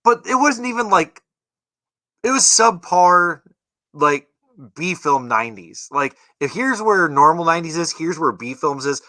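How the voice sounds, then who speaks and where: Bright-voiced man, snarky podcast banter. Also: fairly high pitch, a little slow, dry recording, rough recording. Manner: sarcastic, profane, animated. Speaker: podcast co-host. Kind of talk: casual chat.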